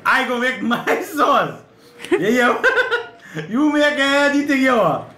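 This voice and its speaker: Speaking slowly in a very high-pitched, sing-song voice with a sharp edge, a Trinidadian-accented man teases and laughs his way through his home cooking show. The room echoes and there's noise in the background.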